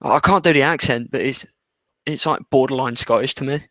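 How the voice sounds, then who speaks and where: A young English man co-hosting a podcast speaks at medium pitch, brisk and sharp-toned, in a rambling, sweary casual chat where he laughs often. The recording is dead dry, with a slightly muffled mic.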